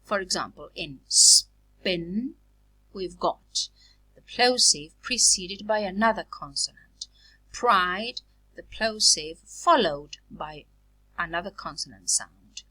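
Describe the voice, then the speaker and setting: A woman delivers a phonetics lecture with a husky edge to her voice. She takes her time and repeats each example word deliberately. Her bright tone rises and falls in a lively way as she explains. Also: on the low side, poor audio. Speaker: phonetics teacher. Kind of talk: recorded lecture.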